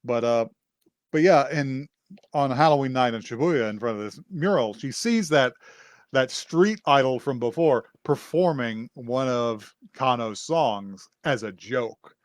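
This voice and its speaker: A man's voice: medium pitch, animated, measured pace, no room sound. Chatty man recapping, dry close sound. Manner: rambling, lots of fillers and laughs. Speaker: podcast host. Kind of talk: casual anime recap chat.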